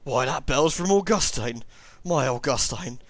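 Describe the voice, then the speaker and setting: A man's voice: mid-range voice, steady tone, moderate pace, a bit bright, dry recording, natural voice. A man voicing an elderly, sentimental drunken sailor with theatrical, old-fashioned speech in a comedy accent. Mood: overjoyed, anxious. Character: elderly male drunken sailor, sentimental about his lost ship. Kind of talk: comedy voice in a game playthrough.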